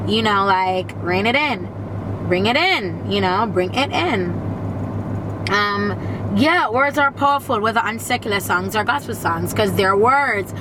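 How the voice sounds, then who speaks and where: Lady talking while she does her makeup in her car, mid pitch, lots of restarts. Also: expressive, unhurried, background noise. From Jamaica. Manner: rambling, chatty, many restarts. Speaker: beauty vlogger. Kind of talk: casual chat while doing makeup. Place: parked car.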